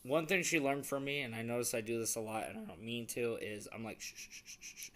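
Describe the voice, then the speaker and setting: A man's voice: medium pitch, fast, fairly bright tone. A young man chatting casually on a couple's vlog, earnest and rambling, with many restarts. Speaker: vlogger.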